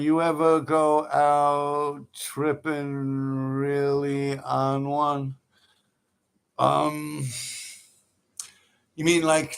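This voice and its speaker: A man's voice: on the high side, gravelly. A man who tells stories in a rambling, profane way on a livestream he hosts, laughing often. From New York City. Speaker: livestream host. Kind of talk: casual storytelling.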